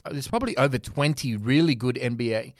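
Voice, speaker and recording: A man co-hosting a casual sports podcast, teasing his co-host with quick banter. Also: mid-range voice, no echo, studio quality.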